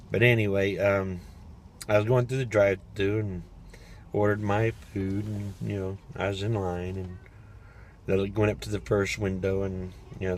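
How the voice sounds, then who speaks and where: A man's voice: sits low, a little hiss or hum. An older man casually telling a rambling personal story as a vlogger, sitting in his parked car, chatty and laughing as he talks. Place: parked car in a parking lot.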